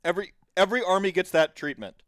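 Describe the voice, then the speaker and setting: A man's voice: sits high, fast talker, fairly bright tone. A man hosting a podcast in casual chat, rambling and digressive as he tells stories. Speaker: podcast host.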